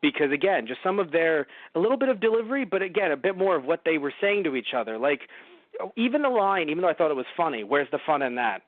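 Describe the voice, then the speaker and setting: Male podcast co-host, sarcastic rambler, slightly high voice, dry phone-like audio. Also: very animated, fast talker, dry recording. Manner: rambling, sarcastic, swears freely. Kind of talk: casual movie review chat.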